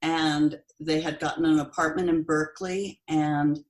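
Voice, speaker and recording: Low-voiced woman in her sixties, halting. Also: steady tone, rough recording. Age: 60s. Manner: earnest, halting, with restarts and pauses. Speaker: podcast guest, bereaved mother. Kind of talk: personal storytelling in an interview.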